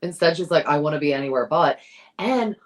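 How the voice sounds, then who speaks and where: A woman's voice: low-pitched, expressive, a little fast. A woman guest on a podcast, chatting casually and gossiping, acting out quotes with many fillers. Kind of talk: casual chat.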